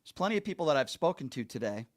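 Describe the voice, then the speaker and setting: A man's voice: fairly high pitch, sing-song, racing. A man hosting a call-in talk show, speaking earnestly and emphatically and repeating his points for stress.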